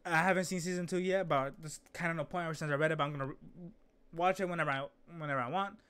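An excitable young man talks through a reaction video in a loose, rambling way. He often loses his thread and starts over. His voice sits a little high for a man. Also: rapid-fire, clear, resonant tone. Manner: excitable, rambling, trails off and restarts. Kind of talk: casual reaction commentary.

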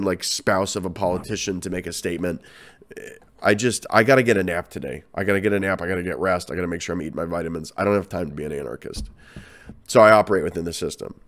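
A man with a cold hosting a podcast, rambling and swearing through casual ranting commentary. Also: deep voice. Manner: rambling, profane, animated. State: has a cold. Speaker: podcast host and comedian.

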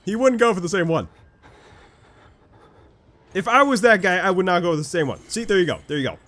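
A young man casually commenting on a horror game he is playing, joking around and getting excitable, close to his desk mic. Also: sits high, fairly quick. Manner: jokey and excitable, shouting when chased. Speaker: gameplay commentator. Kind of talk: casual let's-play commentary.

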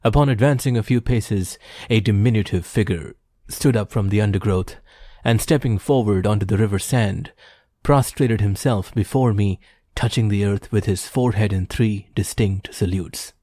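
A man narrating an audiobook in a measured, formal storytelling manner. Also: lowish voice, warm tone, no echo, studio quality. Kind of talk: scripted narration.

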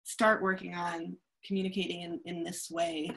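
A woman's voice: on the low side, flat delivery, normal speed, creaky, a bit bright, poor audio. A woman hosting a podcast interview who laughs easily and asks her guest for practical takeaways. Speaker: podcast host.

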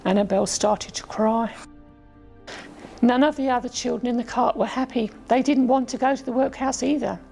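A woman reading her own children's story aloud as a storyteller, gently voicing the children's lines. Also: on the high side, normal speed, vocal fry, soft background music. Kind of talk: storybook narration.

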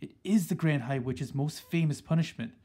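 A man voicing a shrewd, excitable old grandmother who talks in a brisk, commanding way. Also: on the high side, breathy edge.

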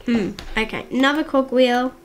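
A woman hosting a gaming channel, chatting excitably to viewers through gameplay commentary. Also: on the high side, moderate pace, noisy background.

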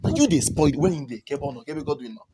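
A man with a Nigerian accent leading a comedy skit, loudly ordering people around and scolding in mixed pidgin and English. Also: a little high, animated, quick pace, noisy background. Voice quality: loud, commanding, repetitive scolding. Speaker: comedy skit host playing a concerned relative with police.

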